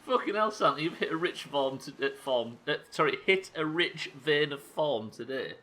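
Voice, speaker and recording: A man's voice: on the high side, moderate pace, sharp tone. A man giving live gameplay commentary, swearing and joking with his chat. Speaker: streamer.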